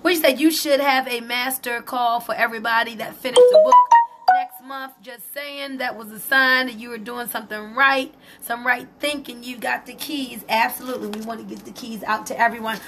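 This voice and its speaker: Excited high-voiced woman. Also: moderate pace, loud music behind the voice. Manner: excited, emotional, talks to viewers and reads their comments aloud. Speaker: network marketer hosting a live stream. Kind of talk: casual Facebook Live testimony.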